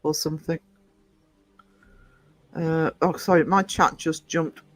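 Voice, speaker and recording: During a casual live stream, this man talks affectionately to his audience, addressing them as sweetie and darling, though he's scattered, full of ums, and trails off as he reads the chat. His high, slightly bright voice takes things slowly with fairly even intonation, on a dry recording.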